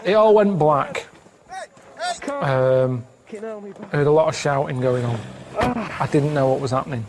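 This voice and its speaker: A man on a comedy talk show, telling a story in a deadpan, plain-spoken, rambling way. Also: on the high side, a little slow, long pauses, noisy background. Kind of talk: casual storytelling chat.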